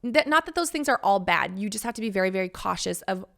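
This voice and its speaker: A woman's voice: mid-range voice, lively intonation, quick pace, vocal fry, a bit bright. A woman in her thirties hosting a solo podcast, talking candidly and casually with the odd swear word. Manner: candid, chatty, swears casually, acts out quoted friends. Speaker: podcast host.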